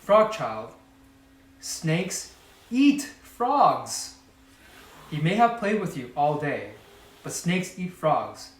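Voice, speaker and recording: A man voicing a fretful mother frog who scolds in a shrill, alarmed voice. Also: big pitch swings, a little slow, echoey room, distant mic. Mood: stern.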